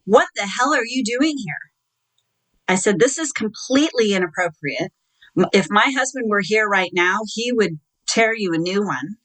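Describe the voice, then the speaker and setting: A middle-aged woman telling her own story in an interview, measured and hesitant, acting out the dialogue she recalls. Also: on the low side, fairly bright tone, poor audio. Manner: measured, recounting with quoted dialogue and hesitant fillers. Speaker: interview guest.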